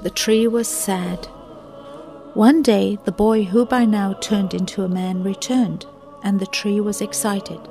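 Woman with a gravelly narrating voice. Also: mid-range voice, steady tone, a little slow, dark tone, soft background music. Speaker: storyteller. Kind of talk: storybook narration with a moral.

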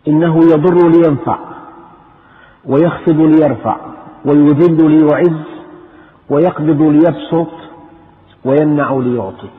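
A man's voice: a little high, fairly even intonation, fast talker, pauses often. A man giving a formal religious lecture with a fluent preaching cadence. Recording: tinny phone-like radio with long reverb.

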